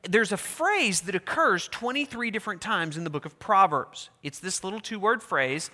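A man preaching a sermon as pastor, animated and asking his congregation questions. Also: high-pitched, normal speed. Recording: long hall reverb.

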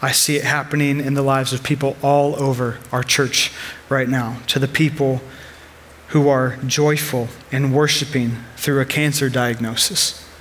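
A man's voice: medium pitch, flat delivery, unhurried, fairly bright tone, a little hiss or hum. A man in his thirties preaching a sermon as a pastor, earnest and conversational, weaving personal stories into his message.

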